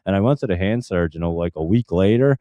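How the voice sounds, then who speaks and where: A man's voice: sits low, animated, quick pace, warm tone, dry recording. A man telling a casual story in a rambling way, full of fillers and restarts. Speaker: stock channel host.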